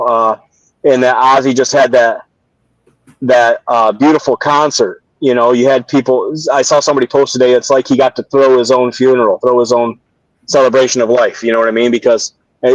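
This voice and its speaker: An older man tells a long, meandering story over a video call, doubling back and restarting his sentences as he goes. His voice sits at an ordinary pitch for a man. The sound is dry and close, with no room echo. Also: dull audio. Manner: rambling, many restarts and fillers. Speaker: guest, former pro wrestler. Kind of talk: casual interview, storytelling.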